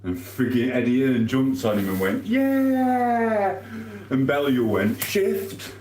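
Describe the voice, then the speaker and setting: A man from Sheffield, Yorkshire, in England, chats casually on a live stream, reading out viewer comments with rambling banter and laughter. His mid-range voice has a darkish tone and normal speed, in a roomy space with a little hiss or hum.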